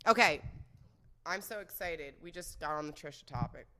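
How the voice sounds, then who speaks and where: A woman's voice: low voice, animated, normal speed, pushed and bright. A woman hosting a podcast, talking about sex with brash, crude jokes and an unfiltered manner. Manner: brash, crude, jokey, mimics voices in quotes. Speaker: podcast host. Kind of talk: unfiltered comedic sex talk.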